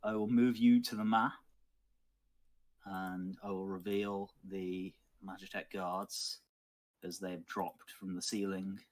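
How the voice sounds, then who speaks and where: A man narrating as game master of a tabletop game, unhurried and pausing often with fillers. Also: low voice, level tone. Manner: unhurried, thoughtful, with many filler pauses.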